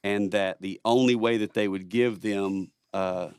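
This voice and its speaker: A man's voice: on the low side, fairly even intonation, a little slow, darkish tone, smooth, no room sound, studio quality. A middle-aged man telling war stories as a podcast guest, rambling, swearing and laughing often. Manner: rambling, laughs a lot, profane. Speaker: podcast guest, former Marine. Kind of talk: casual storytelling chat.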